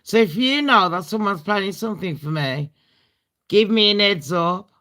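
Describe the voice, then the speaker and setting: A British woman hosting a livestream tells stories in a casual chat, blunt and packed with swearing and laughing asides. Her mid-range voice is expressive, fairly bright, and moderately paced.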